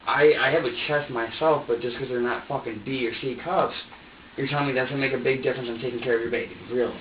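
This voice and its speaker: This suspect talks fast in a mid-range voice with fairly even intonation, cursing through an agitated rant during a police interrogation. It's recorded from afar in the interrogation room, sounding dull and echoey with a bit of hiss or hum.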